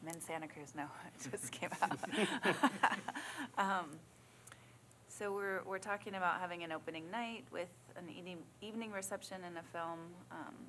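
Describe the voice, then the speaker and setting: A woman's voice: fairly low pitch, fairly bright tone, a little hiss or hum. A woman on a city commission giving an upbeat, rambling report at a public meeting.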